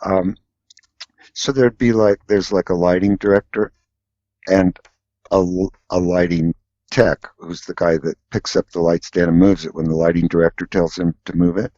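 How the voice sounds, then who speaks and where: A man spins casual backstage anecdotes as a podcast guest, animated and fond of acting out the people in his stories. His voice sits a little low, and the recording is dull and lo-fi with a dry, close sound. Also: moderate pace, dry recording. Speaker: guest artist. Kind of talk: casual storytelling.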